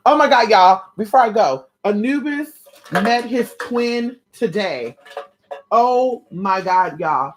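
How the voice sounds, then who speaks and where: Speaking slowly with big swings in pitch, a medium-voiced woman chats casually to her viewers from home late at night. She's sassy, blunt and playful, addressing them as honey and sis.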